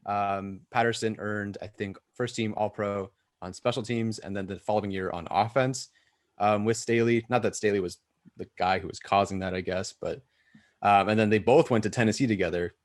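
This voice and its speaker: A man co-hosting a sports podcast, talking in an animated, enthusiastic way. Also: fairly low pitch, moderate pace, dry recording, studio quality. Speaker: podcast co-host. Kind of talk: casual sports podcast chat.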